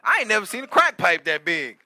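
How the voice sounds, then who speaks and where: A man with a high, very bright voice spins wild, profanity-laced stories on a comedy podcast. The sound is dry and close. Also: brisk, no echo. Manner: animated, profane, laughs often. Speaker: podcast co-host. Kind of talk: casual comedic storytelling. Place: podcast studio.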